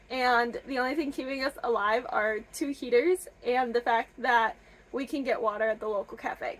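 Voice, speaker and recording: A young woman from Michigan chatting casually in a reading vlog, gushing and excitable. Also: sits high. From Michigan, USA. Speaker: book vlogger. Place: camper.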